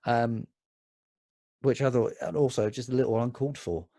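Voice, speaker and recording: A man's voice: medium pitch, fairly even intonation, normal speed, creaky, mellow, no room sound, clean studio sound. A man co-hosting a casual podcast, reading comments aloud with swearing and a lot of ums. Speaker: podcast co-host. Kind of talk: casual chat.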